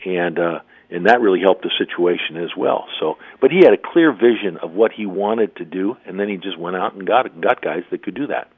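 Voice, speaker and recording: An older former coach calls in as a guest, his voice a bit low and squeezed through a thin, tinny phone line. He rambles through his story with false starts and frequent throat clearing. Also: brisk, hardly any pauses. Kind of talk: phone interview, telling a story.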